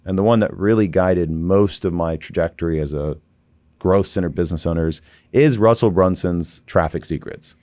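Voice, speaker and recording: A man guest on a podcast, telling business stories in a casual, energetic, informal way with lots of fillers. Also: low voice, no room sound. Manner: energetic, informal, fast-flowing with many "like" fillers. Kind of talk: casual conversational storytelling.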